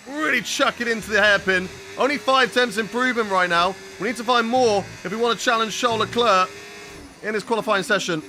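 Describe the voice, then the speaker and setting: A young man with a high, bright voice livestreams a racing game, talking straight to chat while he calls each corner. Faint engine noise from the game hums under his voice. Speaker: streamer. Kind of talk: live gameplay commentary.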